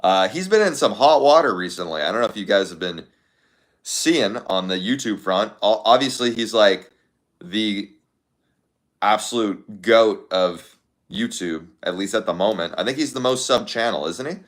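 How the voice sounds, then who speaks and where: A man's voice: on the low side, animated, normal speed. A young man casually chatting to his viewers, thinking aloud in a rambling way with lots of fillers. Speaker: content creator.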